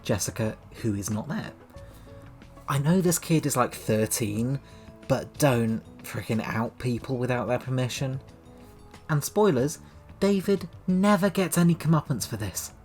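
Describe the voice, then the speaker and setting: A man's voice: mid-range voice, a little slow, a little mellow, faint music behind. Sardonic man reviewing a book. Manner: chatty, sardonic, laughs often. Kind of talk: casual book commentary with read-aloud passages.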